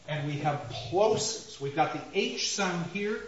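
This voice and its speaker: Emphatic male lecturer in a roomy classroom. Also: fairly high pitch. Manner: deliberate and emphatic, slowing down to stress points. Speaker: lecturer on Shakespeare. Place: classroom with a marker board. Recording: roomy, dull lo-fi lecture recording.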